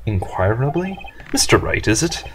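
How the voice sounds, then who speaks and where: A man's voice: mid-range voice, big pitch swings, normal speed, a little hiss or hum, lightly acted. A man voicing a pompous, arrogant male corporate tycoon who uses grandiose, made-up big words.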